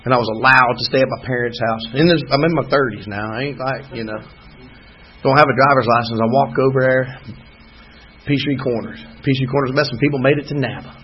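A man's voice: medium pitch, brisk, highs cut off, a little hiss or hum. A man gives a candid, rambling personal testimony at a recovery meeting, telling his story emphatically. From Georgia, US. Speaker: speaker sharing at a recovery meeting. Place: meeting room.

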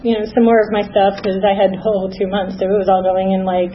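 A middle-aged woman telling a personal recovery story in an unscripted, halting way, with many pauses and fillers. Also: mid-range voice, level tone, muffled recording, a little hiss or hum.

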